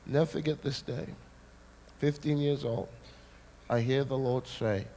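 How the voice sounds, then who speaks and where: A man preaching a sermon, telling a personal story with dramatic, animated delivery. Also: mid-range voice, measured pace, a little hiss or hum.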